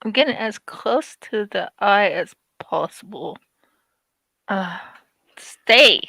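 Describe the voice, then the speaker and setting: A woman's voice: mid-range voice, animated, takes it slowly, vocal fry, pushed and bright, dry recording, low-quality recording. A woman hosting a craft live stream, tearful and apologetic, talking through her work. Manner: emotional, apologetic, perfectionist. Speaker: craft channel host. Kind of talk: casual live-stream chat while crafting.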